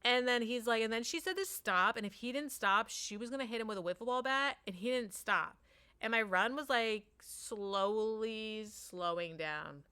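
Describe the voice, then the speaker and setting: A woman's voice: fairly high pitch, moderate pace, bright, forceful tone, clear, resonant tone. A woman telling a parenting story in a casual monologue, with lots of "like" fillers, acting out what people said. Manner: chatty, acts out quotes, many "like" fillers.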